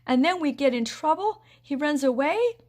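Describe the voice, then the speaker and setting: A woman voicing a sheepish young boy twin, high and whiny in complaint. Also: expressive, moderate pace, a little mellow.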